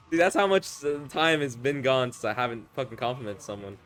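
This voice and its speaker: A man doing casual live commentary on a fighting game, loud and teasing, swearing freely. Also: mid-range voice, very animated, moderate pace, crowd noise. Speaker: esports commentator.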